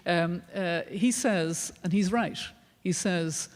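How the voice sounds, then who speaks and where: A woman's voice: fairly low pitch, takes it slowly, a little mellow. Older Irish woman lecturing in a hall. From Ireland. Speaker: guest speaker. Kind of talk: public lecture. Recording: long reverb of a large hall.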